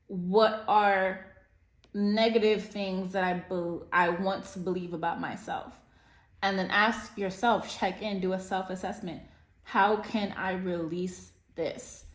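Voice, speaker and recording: A woman giving a casual spiritual tarot reading, rambling and effusive, with lots of fillers. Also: medium pitch. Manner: meandering, filler-heavy, effusive. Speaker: tarot reader. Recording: roomy echo.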